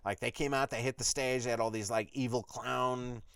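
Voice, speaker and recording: A podcast host spins a long, rambling tale, cursing freely and piling up asides. His voice sits at an ordinary middle pitch, and the recording is dry and close with no room sound. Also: fairly quick, vocal fry, smooth, no room sound. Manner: profane, animated, rambling. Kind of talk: rambling personal storytelling.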